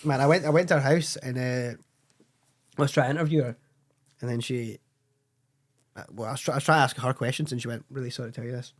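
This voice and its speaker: A young Scottish man, a podcast guest, telling rambling, excitable anecdotes in casual chat, swearing and acting out what people said. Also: medium pitch, fast, long pauses.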